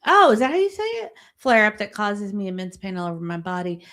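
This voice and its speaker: A woman's voice: mid-range voice, big pitch swings, fast talker, a bit bright. A woman hosting a casual livestream, reading viewer comments aloud and chatting back.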